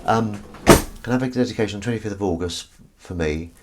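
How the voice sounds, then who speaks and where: A man's voice: fairly low pitch, a little fast. A man hosting a livestream while washing up, chatting in a rambling, self-deprecating way and reading out viewers' comments. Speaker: livestream host. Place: home kitchen at the sink. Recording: kitchen with clattering dishes and cutlery behind.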